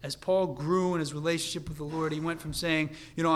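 A man preaching a sermon in an earnest way, dropping to a quiet, confiding tone and then building to a fervent pitch. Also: level tone, moderate pace. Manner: earnest, swings from hushed to fervent.

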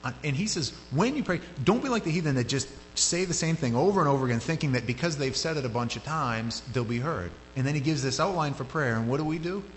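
A man's voice: on the high side, fast, hardly any pauses. Guy preaching, chatty sermon, echoey hall w/ faint hum behind. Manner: conversational, rises sharply when animated. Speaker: pastor.

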